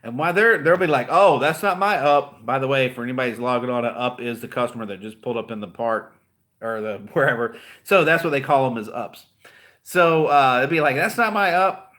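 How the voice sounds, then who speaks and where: A man's voice: mid-range voice, a little fast, a bit bright. A middle-aged man with a Southern American accent, giving blunt, joking motivational advice to car salesmen. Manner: blunt, profane, joking, rambling. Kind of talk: casual motivational livestream talk.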